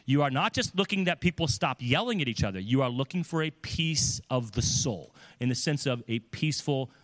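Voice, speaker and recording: A man preaching a sermon, lively and conversational, acting out the voices of the people in his examples. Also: medium pitch, fairly quick. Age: adult with children. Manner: animated, acts out quoted voices.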